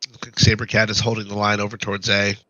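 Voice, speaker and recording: Male esports caster, hoarse from illness, lowish voice with a bright, tense edge, wry live play-by-play. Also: no echo, highs cut off. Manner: wry, talks to the audience between calls. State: hoarse from being sick.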